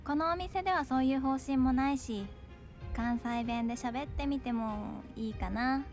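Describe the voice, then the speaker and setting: A woman voicing a polite, soft-spoken young female club hostess in a video game. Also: high-pitched, fast, soft background music. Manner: polite, gentle.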